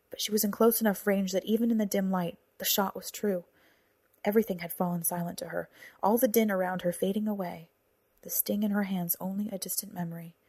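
A woman reads a novel aloud in a breathy, husky voice at a middling pitch. The sound is close and dry, with no room around it. She drops to a whisper or rises to a shout for the characters' lines. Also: no echo. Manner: acts out dialogue with whispers and raised voices. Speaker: audiobook narrator. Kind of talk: scripted narration.

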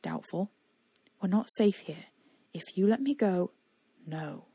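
A woman's voice: on the low side, animated, slow, creaky, warm tone, husky, dry recording, heavily acted. A woman voicing a bitter, threatening young male soldier who speaks curtly. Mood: hard. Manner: curt, hostile.

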